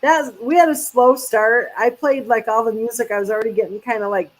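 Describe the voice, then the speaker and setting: A woman's voice: on the high side, steady tone, a little fast, rough recording. A woman hosting a casual chat, rambling and trailing off, sleepy. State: sleepy, yawning. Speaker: channel host.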